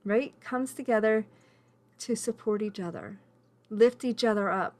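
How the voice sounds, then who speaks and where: A woman's voice: fairly high pitch, a little slow, darkish tone. Woman coach, earnest and emotional, leading an online class on a video call; encouraging, personal. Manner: emotional, earnest, encouraging, addresses people by name. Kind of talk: live online workshop.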